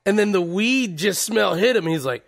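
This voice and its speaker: A man with a high, gravelly voice shares crude stories on a casual talk show. He laughs his way through the tales and keeps the chat easygoing. His voice has a rough, crackly edge. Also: animated, moderate pace. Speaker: podcast co-host.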